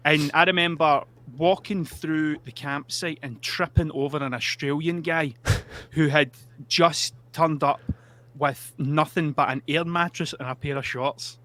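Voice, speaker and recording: A man's voice: fairly high pitch, steady tone, measured pace, fairly bright tone. A man, chatting casually on a podcast and recounting memories in an easygoing way. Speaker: podcast host. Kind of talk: casual chat.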